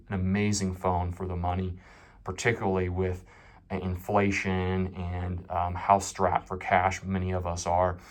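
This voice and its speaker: A man hosting his own tech channel, giving a candid, unscripted phone review with a self-deprecating, off-the-cuff manner. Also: low voice.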